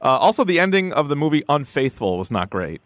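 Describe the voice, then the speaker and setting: A man co-hosting a podcast, chatting casually about movies and reading out listener emails, animated, with mocking put-on voices. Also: a little high, quick pace, no echo.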